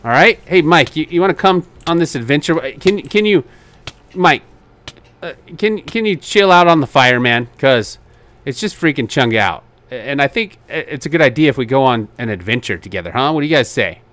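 A man giving excitable gameplay commentary as a channel host, laughing often and coaxing the other players with reassurance. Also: a little high, moderate pace, no room sound.

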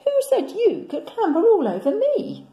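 A woman's voice: very high-pitched, wildly swooping pitch, normal speed, mellow, echoey room, voice pushed up, full character voice. A woman voicing a grumpy but playful male bronze lion in a storybook read-aloud, with a theatrical, roaring manner.

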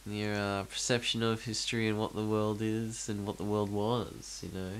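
A man's voice: fairly low pitch, level tone, normal speed, slight background noise. A man co-hosting a podcast in casual chat. He tells rambling stories and swears freely. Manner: laid-back, swearing, rambling storyteller. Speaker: podcast co-host.

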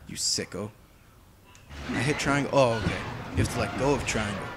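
A man giving chatty, excitable commentary while he plays a video game. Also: medium pitch, heavy background noise. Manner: excitable, chatty, quick to exclaim. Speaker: gameplay commentator. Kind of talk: casual let's-play commentary.

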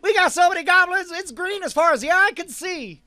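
Guy doing a loud goblin salesman bit, high bright yelling, trips over the name. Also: fairly quick, no room sound, clean studio sound, heavily acted. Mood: hard-selling. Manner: bellowing sales pitch, stumbling over the name.

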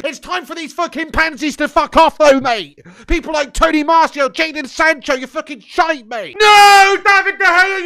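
Fan streamer with a very high, sharp voice, swearing and ranting over a live match. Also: male voice. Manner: swearing, ranting, exasperated outbursts. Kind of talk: live football watchalong rant.

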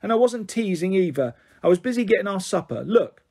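A man voicing a mischievous, teasing ragged girl in a husky voice. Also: high-pitched, sing-song, fairly quick, a little mellow, exaggerated voice. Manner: teasing, cheeky.

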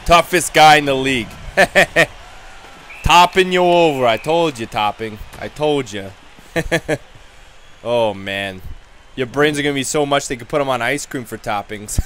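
A man doing loud, taunting gameplay commentary, trash-talking in character as his hockey player. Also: mid-range voice, measured pace, slight background noise. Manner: loud, taunting, animated and jokey. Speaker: gamer.

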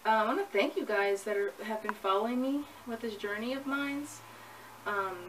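A woman's voice: medium pitch, far from the mic, rough recording. A young woman chatting casually to camera in a pregnancy vlog, rambling and laughing at herself, hot and sweaty. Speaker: vlogger. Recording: from the mic with faint ambient noise.

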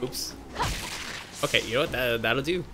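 Over a noisy background, this co-op gameplay streamer talks at a normal speed in a medium-pitched male voice. The young man keeps his commentary casual, laughing and swearing, and lets out a yelp every time his character is hit.

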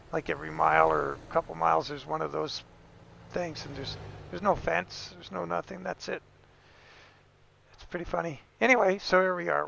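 A man's voice: on the high side, vocal fry, a bit bright, dry recording, highs cut off. A man giving a casual, rambling game tutorial, correcting himself as he goes and chuckling now and then.

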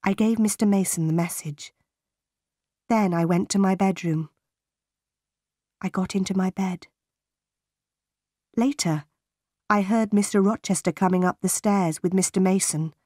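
A woman narrating a graded English storybook in a slow, careful, clearly paced reading style. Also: mid-range voice, warm tone, no echo, clean studio sound.

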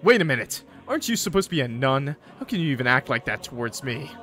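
A man's voice: mid-range voice, very animated, fast talker, bright, forceful tone, soft background music. A man voicing a smug, cocky male guardian angel, reading game dialogue in a playful, sly drawl. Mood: teasing.

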